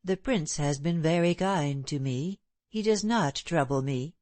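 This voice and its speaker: A woman's voice: sits low, a little slow, darkish tone, no echo. A woman reading a sleepy, languid older princess. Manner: drowsy, murmuring. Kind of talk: audiobook character reading.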